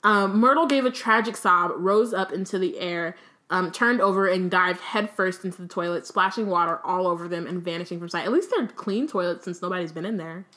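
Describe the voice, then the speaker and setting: A woman's voice: fairly low pitch, fairly quick, pushed and bright. Playful woman co-host. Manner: laughing, playful reactions. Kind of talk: book read-along chat.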